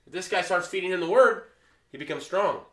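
A man preaching a sermon with a bright, forceful tone. He leans hard on his words, pushing some lines loud and dropping others to a near hush. The room around him rings with echo. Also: sits high, brisk. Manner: emphatic, swings between loud and quiet.

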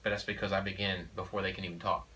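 A man's voice: sits low, level tone, rapid-fire, pushed and bright, recorded from a distance, slight background noise, poor audio. A man and father of four speaking in a casual conversation, in an emphatic, preachy way with frequent "you know" and "okay?". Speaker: father of four sharing parenting views.

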